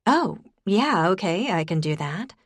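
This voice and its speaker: A woman's voice: on the low side, sing-song, unhurried, breathy edge, no echo, heavily acted. Woman narrator voicing a flustered young woman, eager and a bit nervous.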